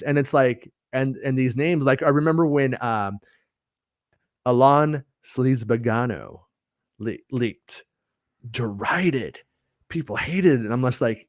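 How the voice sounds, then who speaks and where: A man's voice: medium pitch, moderate pace, dry recording, clean studio sound. A man hosting a casual fan podcast, talking in a rambling way with many restarts. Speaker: podcast host. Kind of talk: casual chat.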